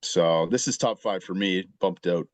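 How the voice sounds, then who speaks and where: Opinionated low-voiced male film critic. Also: moderate pace, dry recording. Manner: emphatic, opinionated. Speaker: podcast guest critic. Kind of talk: casual movie discussion.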